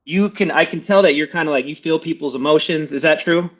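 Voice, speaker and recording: A man running a live sales training, rattling off advice at a rapid clip and checking in with his trainee as he goes. His voice sits a little high for a man. It comes through a dull, lo-fi video call line. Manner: fast, energetic, coaching with frequent checks like "okay?". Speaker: sales coach.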